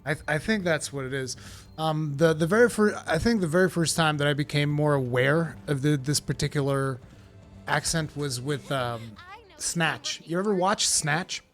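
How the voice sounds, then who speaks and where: A man's voice: a little high, normal speed, a bit bright, faint music behind. A man streaming a game, chatting casually and rambling with plenty of swearing. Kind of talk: casual live-stream chat.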